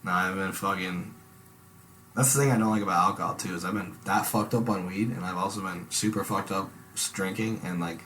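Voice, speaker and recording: A young man with a very low voice tells a long, winding story in casual chat, swearing freely and slipping into loud, high impressions of himself. There is a faint hiss of noise behind him. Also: steady tone, fairly quick. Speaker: podcast host.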